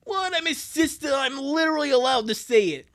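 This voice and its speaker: A woman's voice: high voice, lively intonation, a little fast, voice pushed up. A woman doing a teasing, bossy older sister. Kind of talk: live fan dub reading.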